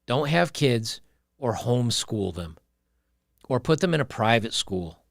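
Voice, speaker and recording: A man's voice: mid-range voice, big pitch swings, a little slow, vocal fry, dry recording, clean studio sound. A man giving opinionated, ranting commentary on a livestream and reading chat messages aloud. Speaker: streamer reacting to clips.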